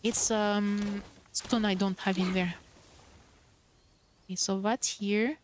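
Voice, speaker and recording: A woman's voice: medium pitch, fairly even intonation, slow, a little hiss or hum. A young woman streamer chatting casually while playing, bubbly and cooing over cute creatures. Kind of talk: casual gameplay commentary.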